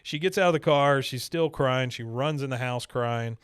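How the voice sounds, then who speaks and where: Man recapping, smooth and dry. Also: medium pitch, normal speed, no room sound. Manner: narrates scenes at length with fillers. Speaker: podcast co-host. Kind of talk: casual episode recap.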